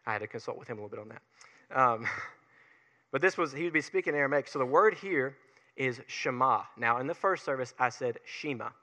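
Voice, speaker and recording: A man with a Southern US accent preaching a sermon in an energetic, folksy way, picking up speed as he gets fired up. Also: mid-range voice, fairly quick, in a large hall. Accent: Southern US, Alabama Gulf Coast. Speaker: pastor.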